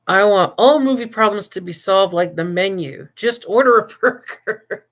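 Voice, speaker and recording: A man's voice: sits high, moderate pace, fairly bright tone. A man hosting a casual livestream, talking in a rambling, jokey way, often laughing and restarting. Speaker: livestream host.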